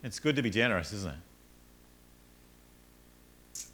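A man preaching a sermon as a pastor, telling Bible stories in an animated way and acting out the characters. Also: mid-range voice, moderate pace, slight background noise. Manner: animated storytelling, acts out characters.

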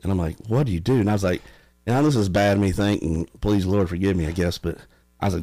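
A man casually telling stories, animated and often laughing. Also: low-pitched, fast talker. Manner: animated, laughing, drawling storyteller. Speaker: podcast guest. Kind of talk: casual storytelling.

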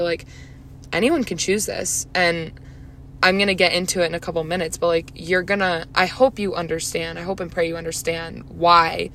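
Earnest young woman with a gravelly edge. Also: fairly low pitch, a bit bright, a little hiss or hum. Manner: chatty, earnest, lots of "like" and "um". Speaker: podcast host. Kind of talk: solo faith podcast talk.

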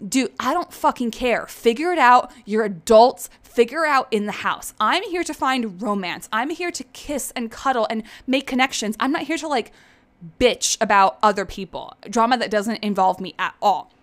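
A woman's voice: fairly high pitch, lively intonation, moderate pace, fairly bright tone. A young woman hosting a casual solo podcast, talking in a chatty, sarcastic and profane way. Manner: chatty, profane, sarcastic, acts out quotes in mimicking voices. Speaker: podcast host.

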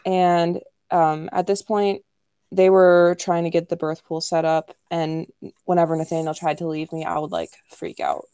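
A young woman with a lowish voice tells a personal story in a relaxed, conversational way. She leans on "like" and "um" and sometimes acts out quoted lines. The sound is close and dry, with no room around it. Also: moderate pace, clear, resonant tone, no echo. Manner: chatty, many "like" and "um" fillers, acts out quoted lines. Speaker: podcast co-host telling her birth story.

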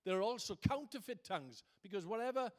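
A man with a notably high voice delivers a sermon from the pulpit. He talks to the congregation in a conversational way, then builds into fervent, emphatic preaching. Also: expressive, fast talker. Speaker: pastor.

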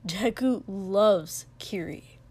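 A woman voicing a surly young man with a low, hoarse, gravelly voice who mutters and swears in a storybook reading. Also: very slow, exaggerated voice. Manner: muttering, sulky and sharp, swearing. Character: gruff young male warrior, hoarse, surly and crude.

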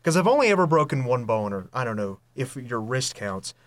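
A man hosting a podcast in casual chat, relaxed and quick to chime in. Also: mid-range voice. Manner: relaxed, chiming in and laughing. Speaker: podcast host.

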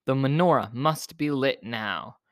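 A man's voice: medium pitch, unhurried, no echo, studio quality, lightly acted. A man voicing a determined grown male leader in a storybook who speaks in a firm, decisive way.

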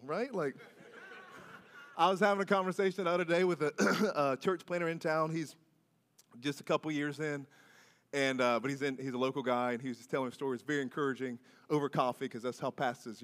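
A man's voice: on the high side, a bit bright. A male pastor preaching a sermon in a church, with conversational asides and questions to the congregation. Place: church sanctuary. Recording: long reverb of a large church hall.

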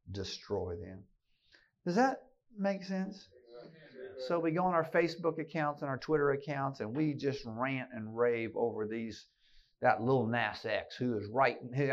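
A man preaching a keynote to a room of men, emphatic and folksy, circling back to repeat his phrases. His voice sits at an ordinary middle pitch. The recording is a little dull and lo-fi. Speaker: speaker at a men's gathering. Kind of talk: sermon-style keynote. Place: live talk to an audience.

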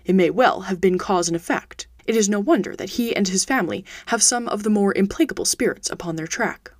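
A woman reading the part of Sherlock Holmes, a keen-minded Victorian detective, in a measured, precise voice. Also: mid-range voice, no echo, studio quality, lightly acted.

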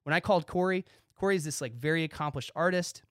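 A man hosting his own podcast, talking excitedly in a casual monologue and acting out quick bits of dialogue. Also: fairly high pitch, no echo, clean studio sound. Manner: excitable, animated, talks with his hands in quoted dialogue. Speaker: podcast host.

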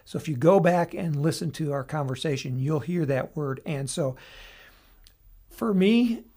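Solo podcast host, mid-pitched, chatty and explanatory, often restarting sentences. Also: unhurried, mellow. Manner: explanatory, loose, with restarts and asides. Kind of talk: casual solo podcast analysis.

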